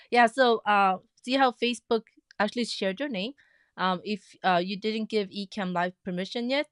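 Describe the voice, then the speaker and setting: Woman host, casual livestream chat, excitable greetings, dry close-miked sound. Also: mid-range voice, dry recording. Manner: chatty, greets viewers with bursts of excitement. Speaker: livestream host of a quilting group.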